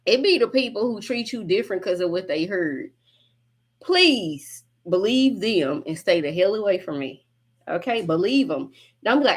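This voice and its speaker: A woman's voice: mid-range voice, sing-song, a little slow. A woman tarot reader on a casual livestream, talking bluntly and chattily, swearing freely and laughing often. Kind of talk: casual livestream collective reading.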